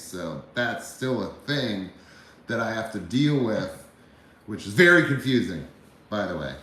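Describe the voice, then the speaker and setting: A man's voice: on the low side, fairly bright tone. A man from the United States hosting a livestream, chatting casually, rambling and swearing as he reads viewer comments. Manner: rambling, profane, laid-back. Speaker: livestream host. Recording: very echoey room with faint background noise.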